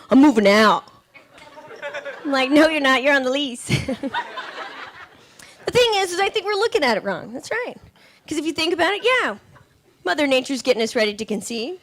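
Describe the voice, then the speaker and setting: A woman's voice: high-pitched, a bit bright. A woman doing a stand-up comedy set on a club stage, punchy and sassy, slipping into impressions of relatives and men.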